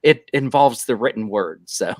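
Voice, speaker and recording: Measured man answering on a call. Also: medium pitch, lively intonation, dry recording, clean studio sound. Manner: measured, many fillers. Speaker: comic creator, guest. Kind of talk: casual interview chat.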